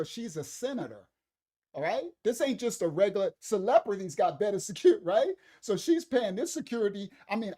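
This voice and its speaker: A speaker giving casual livestream commentary on video clips, animated, laughing often and talking back to the chat. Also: mid-range voice.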